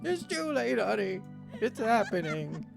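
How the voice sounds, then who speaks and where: A man's voice: high voice, big pitch swings, measured pace, gravelly, voice pushed up, full character voice. A man voicing a sentimental father, choked up and tearful, with game music behind. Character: proud sentimental single dad.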